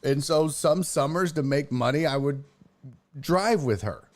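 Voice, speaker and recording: A man, hosting a podcast and telling a family story in an animated, exaggerated way. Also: on the high side, measured pace. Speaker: podcast host. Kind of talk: casual storytelling.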